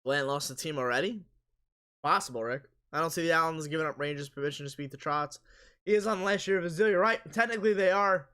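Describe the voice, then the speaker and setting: Hosting a live sports stream, a man casually reads viewer comments aloud and answers them as his voice goes hoarse. He speaks fast in a slightly high register, with a bright, forceful tone.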